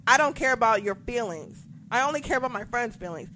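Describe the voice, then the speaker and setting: Profane, animated young woman telling stories. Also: a little high, fast, hardly any pauses, slight background noise. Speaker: podcast co-host. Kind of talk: casual chat.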